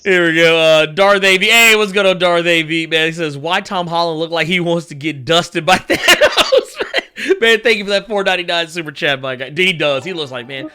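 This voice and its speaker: A man's voice: fairly high pitch, normal speed, clean tone. A man hosting a casual pop culture show, swearing freely, laughing often and joking around. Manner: animated, swears freely, laughs often, does mocking voices. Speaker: podcast host. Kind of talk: casual chat.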